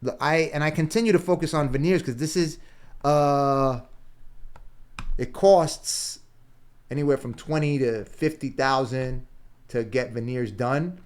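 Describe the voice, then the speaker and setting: A man playing business coach narrates a screen-share walkthrough, browsing examples and thinking aloud in a casual, punchy style. He keeps tossing in "right?" and "boom", speaking at a measured pace in a clear, resonant tone.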